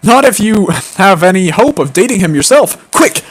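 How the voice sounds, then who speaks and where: A man streaming a game, reading its text aloud theatrically while his voice is going hoarse. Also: high-pitched, big pitch swings, moderate pace, dry recording, poor audio. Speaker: streamer and voice actor.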